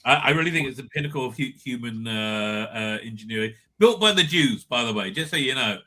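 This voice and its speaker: A man on a casual podcast, trading jokey, deadpan provocative quips. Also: medium pitch, fast.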